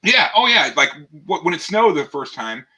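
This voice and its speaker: A man chatting as a livestream guest, telling animated run-on stories. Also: a little high, normal speed, low-quality recording. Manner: animated storytelling, run-on complaints. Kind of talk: casual livestream chat.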